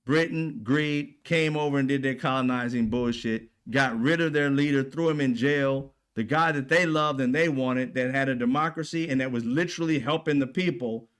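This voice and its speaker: A man's voice: medium pitch, normal speed, few pauses, fairly bright tone, smooth. A man delivering an indignant, heavily profane political commentary rant, peppered with rhetorical questions to his audience. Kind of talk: ranting commentary.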